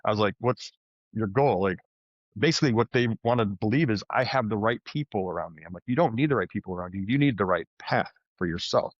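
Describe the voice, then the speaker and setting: A man telling his story as a podcast guest, animated and conversational, often restarting his sentences. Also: fairly low pitch, fast talker, dry recording. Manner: animated, frequent restarts and fillers. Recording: dull, slightly muffled podcast audio.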